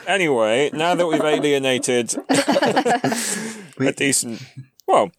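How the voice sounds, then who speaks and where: Play a wry man with a lively pitch. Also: takes it slowly, dry recording. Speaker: player. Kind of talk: tabletop role-play chat.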